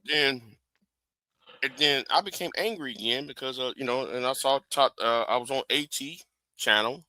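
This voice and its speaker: Man, livestream host, casual chat, very bright tone, halting speech. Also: mid-range voice. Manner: halting, repeats words often.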